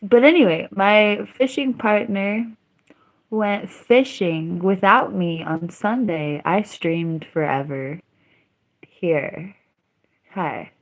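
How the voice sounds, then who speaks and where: A woman's voice: medium pitch, slow. A young woman chatting casually on her livestream, rambling, giggling and trailing off.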